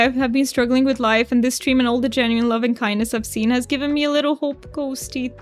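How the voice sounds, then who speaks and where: Woman, game streamer, casual live chat, soft-spoken, laughs often, stammers, slightly high voice, faint background music.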